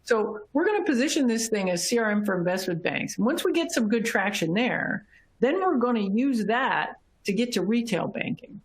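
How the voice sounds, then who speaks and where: A middle-aged woman giving a conference keynote, telling a business story in a lively way, laughing often and acting out the people she quotes. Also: on the high side, normal speed. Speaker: keynote speaker.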